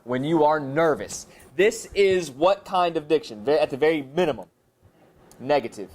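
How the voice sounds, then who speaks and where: At normal speed, a man runs a professional development workshop for teachers before a live audience in a high school room, recorded by a camera. He thinks aloud, asks and answers his own questions, and jumps high in pitch when animatedly stressing points.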